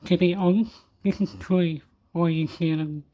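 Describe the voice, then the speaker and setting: A man's voice: high-pitched, steady tone, moderate pace, dull audio. A man from Australia with an Australian accent, giving casual reaction commentary in a laid-back, blunt way. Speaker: reaction video host.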